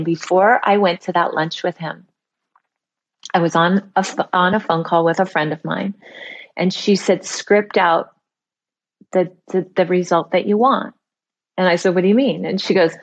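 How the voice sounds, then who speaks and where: A woman guest on a talk show, telling a personal story in a lively way and acting out the voices of the people in it. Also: mid-range voice. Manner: lively, acts out voices in quotes. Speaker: author guest. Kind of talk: animated storytelling.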